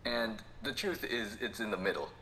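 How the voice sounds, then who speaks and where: A podcast co-host chats casually, rambling through stories and laughing often. His voice is on the low side yet bright and forceful, with lively intonation and a moderate pace, and there is slight background noise.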